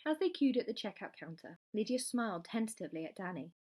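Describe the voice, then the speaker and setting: A woman reading a novel aloud in a steady, measured narration. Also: mid-range voice. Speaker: reader.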